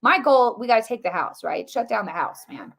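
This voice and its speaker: A woman's voice: on the high side, brisk, gravelly. A middle-aged woman hosting a live political commentary stream, talking casually and animatedly with lots of restarts and fillers. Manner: animated, rambling, many restarts and fillers, addresses viewers as guys. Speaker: host of a political commentary livestream.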